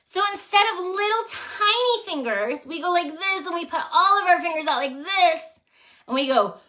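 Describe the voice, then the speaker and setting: A woman librarian hosting a children's storytime, playful and animated as she leads songs and reads aloud. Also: extremely high pitch, normal speed. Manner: playful, animated, sing-song voices for kids.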